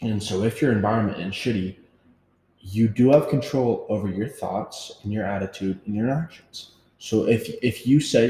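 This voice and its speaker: A man's voice: on the low side, normal speed, mellow. A man hosting a casual podcast conversation, talking earnestly and motivationally, swearing casually. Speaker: podcast host. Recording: echoey room with faint noise.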